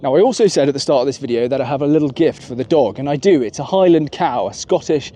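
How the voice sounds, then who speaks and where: A political vlogger offers chatty, opinionated commentary while walking his dog outdoors, thinking aloud as he goes. His mid-range voice is expressive, fast, and mellow.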